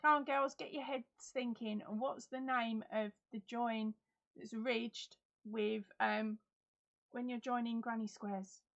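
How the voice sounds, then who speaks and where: Livestream host, middle-aged woman, rambling and giggly, somewhat high-pitched, lo-fi webcam audio. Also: steady tone, slow pace, creaky. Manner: chatty, giggly, reads out viewer comments. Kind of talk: casual live chat.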